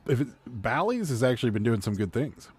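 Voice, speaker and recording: A man's voice: medium pitch, sing-song, a little fast, a little mellow, slightly rough. A man hosting a casual reseller livestream, rambling through stories and laughing often. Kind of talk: casual chat.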